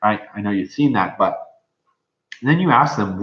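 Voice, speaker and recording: Low-voiced young man giving casual advice. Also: expressive, moderate pace. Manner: rambling, informal, many fillers. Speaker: medical student giving advice. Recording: dull, roomy low-fi recording.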